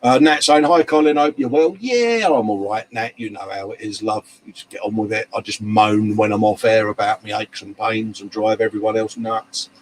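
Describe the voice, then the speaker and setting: A man's voice: fairly low pitch, normal speed, few pauses, slight background noise, poor audio. A man hosting a casual live show, reading out viewer comments in a matey, chatty way. He is tired from lack of sleep. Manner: chatty and matey, calling viewers mate and love. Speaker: live-stream show host. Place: hobby workshop bench.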